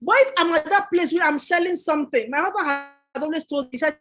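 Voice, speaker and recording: A woman's voice: high-pitched, fast talker, hardly any pauses, fairly bright tone. A woman, speaking as a guest entrepreneur in a motivational talk, emphatic and repeating her key points like a preacher.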